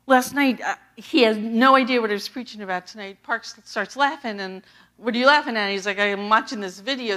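Casting note: female associate pastor, American, chatty sermon storytelling, slightly high voice. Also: fairly bright tone. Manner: conversational storytelling, acts out dialogue.

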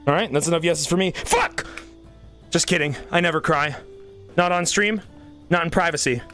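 A man streaming a video game, commenting casually, excitable and swearing as he yells at the game. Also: fairly high pitch, normal speed, faint music behind.

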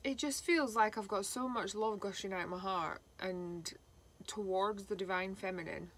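A woman giving a slow, halting spiritual card reading, voicing feelings with emotion. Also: mid-range voice, fairly bright tone. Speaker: tarot reader.

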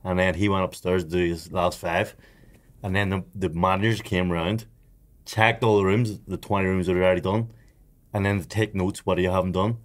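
A man's voice: sits low, steady tone, a little fast. A young man, telling a story as a podcast co-host, with lots of swearing and laughter. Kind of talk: casual chat, storytelling.

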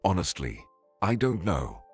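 A shy, awkward man in a storybook who answers hesitantly and sounds embarrassed, with a very deep, husky voice, as a male narrator puts him on. His lines move with lively pitch over faint music. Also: unhurried, heavily acted. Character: awkward, shy man caring for an old friend.

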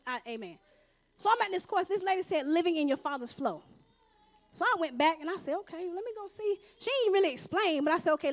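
A woman preaches a testimony in a church sanctuary. Her voice sits very high, and she talks to the congregation in a lively, conversational way, slipping into acted-out dialogue. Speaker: church member giving testimony. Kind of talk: testimony sermon from the pulpit.

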